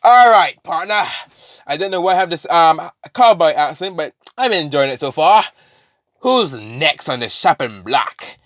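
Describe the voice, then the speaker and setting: A man's voice: a little high, sing-song, measured pace, no echo, clean studio sound, voice pushed up. A man voicing a gleeful, murderous male alien symbiote in a hammy put-on cowboy drawl. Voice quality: hammy twang, shouting insults.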